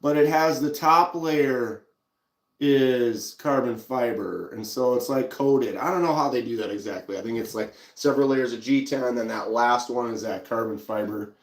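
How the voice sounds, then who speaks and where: A man's voice: mid-range voice, normal speed, reverberant. A man with a Minnesotan accent, hosting a casual live stream and chatting easily while showing pocket knives. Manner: relaxed, chatty, reads out viewer comments.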